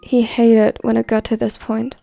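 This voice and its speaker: A woman reads a dramatic story aloud at a steady, even pace of delivery. Her voice sits fairly high yet sounds mellow, with a gravelly fry. The recording is dry, with faint music underneath. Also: normal speed, no echo. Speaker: fan fiction reader. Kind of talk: scripted story narration.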